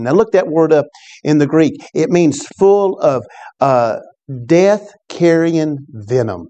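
A man preaching from the pulpit. His voice sits somewhat high for a man yet stays mellow and warm. He drops in asides that call on the congregation to answer. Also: lively intonation, unhurried. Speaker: pastor. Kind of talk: sermon.

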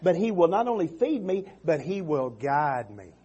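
A man's voice: a little high, very animated, normal speed, mellow, highs cut off. A man preaching a sermon as pastor, calling out "Amen" and "come on" and often restarting his phrases. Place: church sanctuary.

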